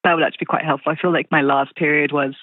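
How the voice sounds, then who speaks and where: A woman phones in to an advice show, her voice thin and tinny over the line. She sounds soft, agreeable and a little hesitant, at a mid pitch. The sound is dry, with no room around it. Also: fairly even intonation, rapid-fire, dry recording. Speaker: caller. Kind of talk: phone-in conversation.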